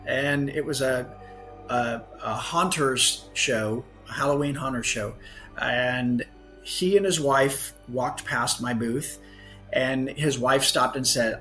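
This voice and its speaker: A man's voice: mid-range voice, slow, pushed and bright, soft background music. A man, a guest author on a podcast, telling a story earnestly and often correcting himself mid-sentence. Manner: earnest anecdote telling with frequent self-corrections.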